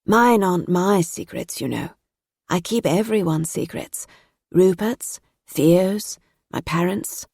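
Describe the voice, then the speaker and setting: A sleepy young woman in an audiobook, tipsy and enigmatic, lingering over each deliberate word, as a woman narrator voices her. The tone is dark and mellow, and the reading is close and dry. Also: fairly low pitch, animated, vocal fry, breathy edge, no echo, exaggerated voice. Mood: languid.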